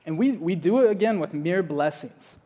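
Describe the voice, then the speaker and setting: A man preaching a sermon, earnest, repeating his phrases and swinging between loud urging and hushed appeals. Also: high voice, expressive, moderate pace. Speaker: pastor.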